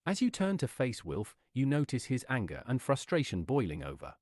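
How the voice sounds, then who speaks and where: Man narrating with wildly swooping pitch. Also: huge pitch swings, moderate pace, a little mellow, dry recording, clean studio sound. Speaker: storyteller. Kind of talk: reading an interactive adventure story.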